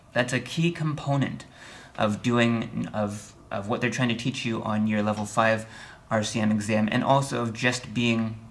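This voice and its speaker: In a recorded video lesson, a man with a lowish voice teaches music theory in a chatty, slightly wry manner. He checks in with the viewer often and counts beats aloud, hitting the downbeats hard.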